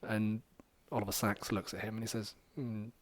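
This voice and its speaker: A man hosting a podcast, telling a story in a rambling, animated way with lots of fillers. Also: lowish voice, brisk, no echo. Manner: rambling and animated, many fillers, acts out quoted lines. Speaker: podcast host.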